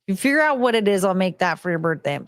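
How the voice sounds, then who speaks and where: American woman streamer, ranting and profane, lively pitch, dry close sound. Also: very fast, dry recording. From United States. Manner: ranting, profane, talks to chat. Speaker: streamer host. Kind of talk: casual livestream chat.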